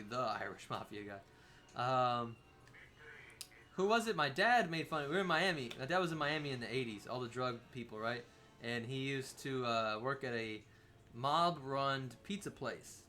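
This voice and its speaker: A young man co-hosting a game livestream, chatting loosely and swearing freely as he plays. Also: medium pitch. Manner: loose, animated, swears freely, laughs often. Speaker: livestream co-host. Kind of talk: casual chat while playing a video game.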